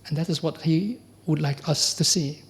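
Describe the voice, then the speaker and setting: Monk giving a dharma talk, fairly high voice, keeps asking the room "right?". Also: male voice, normal speed. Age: middle-aged or older. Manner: conversational, asks the audience rhetorical questions; acts out quoted exchanges with lively pitch jumps. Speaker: Buddhist monk teacher.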